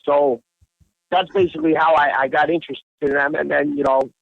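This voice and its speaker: On a casual phone-in talk podcast, a Bangkok bar owner rambles through a story full of profanity. He speaks fairly quickly in a gravelly, slightly high voice with little pitch movement. There is no echo, though the podcast audio is dull and lo-fi.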